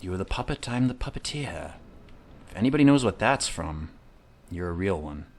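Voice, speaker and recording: Man, thirties, gamer commentary, profane, rambling jokes, lively pitch. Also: normal speed. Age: 30s. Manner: profane, jokey, rambling asides. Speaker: video game streamer. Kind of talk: comedic let's-play commentary.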